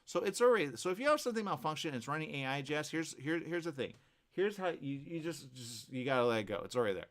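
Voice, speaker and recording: A man hosting a live morning show, rambling through animated asides full of restarts. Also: a little high, quick pace. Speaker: host.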